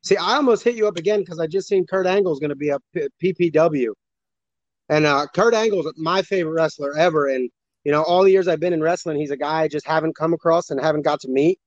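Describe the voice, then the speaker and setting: A man, a wrestler, chatting as a guest, a little out of breath. His voice sits a bit high and sounds dry and close, with a dull, lo-fi tone. He tells stories loosely and rambles. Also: fast talker, no echo. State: slightly out of breath. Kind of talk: casual chat on a stream.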